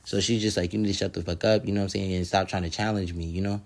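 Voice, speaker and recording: A man's voice: deep voice, flat delivery, racing, creaky, darkish tone. A man casually recapping a reality show episode, swearing freely, laughing often and acting out what the cast said. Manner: profane, laughs often, acts out quotes. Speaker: TV episode reviewer.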